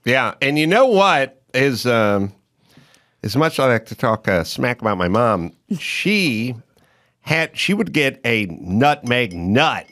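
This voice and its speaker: A man's voice: mid-range voice, very animated, takes it slowly, a bit bright. A middle-aged man hosting a podcast, chatting casually with wry, joking asides. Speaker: podcast host. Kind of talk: casual chat.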